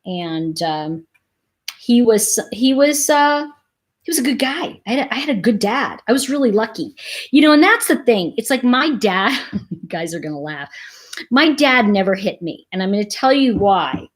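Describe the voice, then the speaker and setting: A middle-aged woman hosting a casual livestream, rambling through animated stories and talking straight to her viewers. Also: on the high side, normal speed. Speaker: host.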